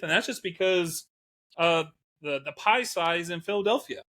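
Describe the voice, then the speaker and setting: A man co-hosting a casual sports podcast, talking in an animated way, laughing often and reading out statistics. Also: sits high, moderate pace. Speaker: co-host.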